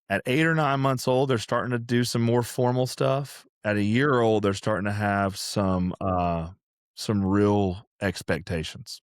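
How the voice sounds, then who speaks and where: A man with a deep, low voice talks shop as a dog trainer in a relaxed podcast conversation. He rambles and restarts, with plenty of fillers. The sound is close and dry, with no room around it. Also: no room sound. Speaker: retriever trainer and kennel owner.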